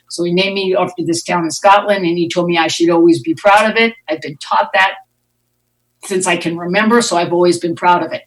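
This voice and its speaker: A woman's voice: lowish voice, steady tone, fairly quick. A middle-aged woman from the United States sharing her story at an Al-Anon meeting, frank and wry, with a storyteller's timing. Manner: frank, wry storyteller who acts out quoted voices. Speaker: Al-Anon speaker. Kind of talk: recovery meeting share, storytelling. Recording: distant mic, online conference audio.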